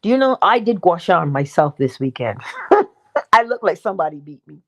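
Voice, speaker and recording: A woman's voice: fairly low pitch, sing-song, normal speed, a bit bright. A woman hosting a morning livestream teaching talk, emphatic and conversational, asking her listeners questions and acting out little dialogues. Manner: acts out little dialogues with herself. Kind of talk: live-stream teaching talk.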